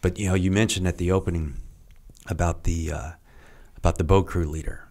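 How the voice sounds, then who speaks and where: A middle-aged man, a retired Navy SEAL guest on a podcast, telling training stories casually, halting and restarting often. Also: low voice, steady tone, darkish tone. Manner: halting, with many restarts and acted quotes. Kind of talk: casual storytelling.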